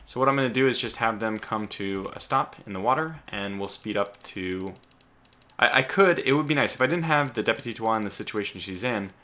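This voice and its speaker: Bright-voiced man thinking aloud over gameplay. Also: lowish voice, brisk. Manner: thinks aloud, stumbling restarts and sudden exclamations. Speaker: let's play host. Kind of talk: gameplay commentary.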